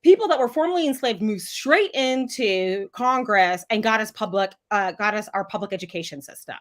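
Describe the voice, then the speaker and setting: Animated, outspoken woman guest. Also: mid-range voice, moderate pace. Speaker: congressional candidate guest. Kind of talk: casual live chat interview.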